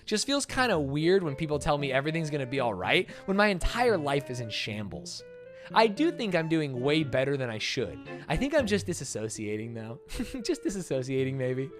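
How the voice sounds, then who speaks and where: A man's voice: fairly high pitch, normal speed, soft background music. A man reading an online confession post aloud in a dramatic style, breaking off into sarcastic, mock-outraged commentary. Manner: animated and sarcastic, swings into loud mock-outraged rants.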